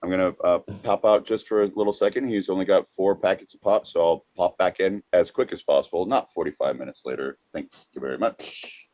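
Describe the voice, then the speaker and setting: A man's voice: deep voice, a little fast, a little mellow, no room sound. A man hosting a podcast, talking in a laid-back, offhand way. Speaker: podcast host. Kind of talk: casual chat.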